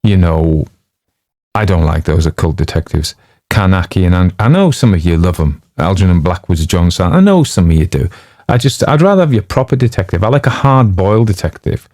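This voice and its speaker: A man's voice: sits low, big pitch swings, a little fast, a little mellow, no echo, clean studio sound. A man chatting casually before reading a story, rambling off on digressions, with lots of fillers and jokey asides. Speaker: audiobook narrator introducing a story.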